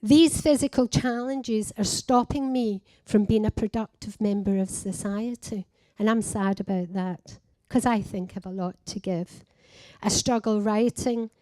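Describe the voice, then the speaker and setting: An older woman with a Scottish accent giving a slow, heartfelt personal speech at a conference. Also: mid-range voice, steady tone, warm tone, no echo. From Scotland. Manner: slow, simple heartfelt phrasing. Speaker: conference speaker living with dementia. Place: conference hall.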